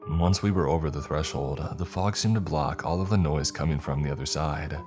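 Deep-voiced man narrating horror stories. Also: brisk, over music. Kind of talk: scripted narration.

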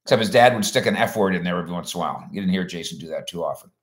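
A man's voice: deep voice, very fast. A man hosting a sports livestream in a rambling, folksy way, chatting casually and reading out viewer comments.

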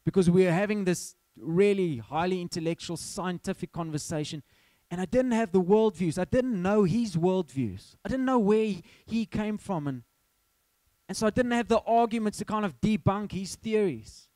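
A preacher delivering a sermon at normal speed tells a lively story, voicing his own dialogue, his pitch sitting a little high for a man. The audio is dry and close, free of room echo.

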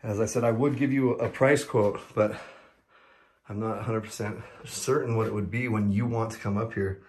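A man from the United States vlogging a casual walk-through of a big rental house, chatty and excitable, talking to viewers as guys and breathing a little heavily. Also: on the low side, normal speed, a little hiss or hum. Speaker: vlogger giving a house tour. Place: large rental house indoors.

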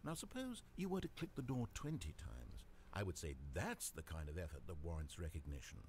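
Sardonic narrator for a game, big swooping pitch, dry put-downs. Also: male voice, sing-song, brisk, a little hiss or hum. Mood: mocking. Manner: dry and mocking. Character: wry, condescending male narrator, middle-aged.

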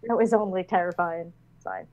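A woman scientist riffing on a movie in casual chat, animated and quick to laugh and exclaim. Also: fairly low pitch, lo-fi sound. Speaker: scientist guest.

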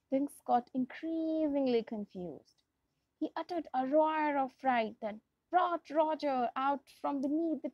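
A woman's voice: sits high, dry recording. A young woman with a Pakistani English accent, reading a storybook aloud to a class as their English teacher, often going back to restart a phrase. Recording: dull lo-fi dry recording.

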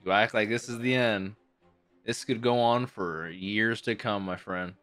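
A man hosting an anime reaction video, casual and excitable, swinging between loud hype and quiet musing, with some casual swearing. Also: on the low side, unhurried, faint music behind. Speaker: anime reaction channel host.

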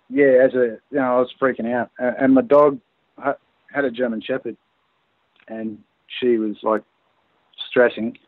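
A man's voice: medium pitch, dry recording. Australian man on a tinny phone line. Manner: hesitant, many fillers and restarts. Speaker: guest recounting an encounter. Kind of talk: casual phone interview storytelling. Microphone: phone call.

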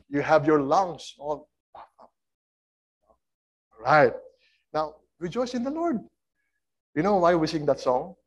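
High-voiced preacher with swinging volume. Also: male voice. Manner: lively preaching with sudden loud and soft swings, leads congregation in song. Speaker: guest preacher. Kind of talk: sermon.

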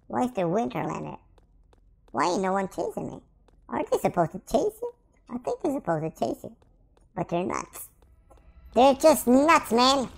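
Excitable woman narrating a video game. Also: fairly high pitch, gravelly, slight background noise. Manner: playful, taunting, talks to game characters. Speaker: gameplay commentator. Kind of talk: excitable let's-play commentary.

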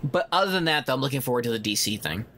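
A man co-hosting a podcast in casual chat, animated and quick to break into silly voices. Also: medium pitch, noisy background. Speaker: podcast co-host.

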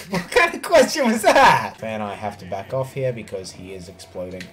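A man commenting on a video game in a voice that swings enormously in pitch, from mumbled asides up to sudden yells. He swears freely and teases his co-player throughout, in loose, casual talk. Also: huge pitch swings, normal speed, soft background music. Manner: swearing, yelling outbursts at the game. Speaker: let's play gamer.

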